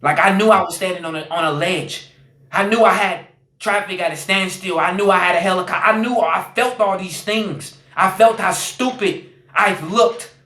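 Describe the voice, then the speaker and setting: A man speaks as a podcast guest, earnest and searching, often repeating phrases and leaning on fillers. His voice sits a little high for a man. The recording carries a noticeable room echo. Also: moderate pace, pushed and bright. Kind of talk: personal storytelling.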